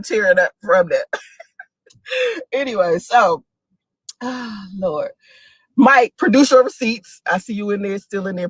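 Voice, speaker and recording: A woman in her forties telling personal stories in a casual video, animated and often laughing, with dramatic jumps in pitch. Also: slightly rough, dry recording. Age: 40s. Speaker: single mother telling stories to a friend.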